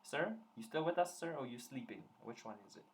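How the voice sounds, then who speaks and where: A man's voice: mid-range voice, expressive, fairly quick, a little hiss or hum. Young male tutor, jokey and teasing, running a live online lesson. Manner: playful, teasing, joking with students.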